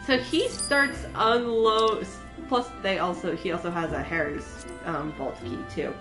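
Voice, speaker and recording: A woman's voice: lowish voice, a little slow, over music. A woman chatting casually while playing a game on stream, rambling and giggling as she goes. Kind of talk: casual chat while gaming.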